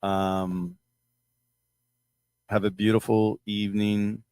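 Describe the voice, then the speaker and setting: A middle-aged man telling a personal story to his followers in a rambling, halting way, with many restarts. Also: fairly low pitch, level tone, a little mellow, clear, resonant tone, no room sound. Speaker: channel host.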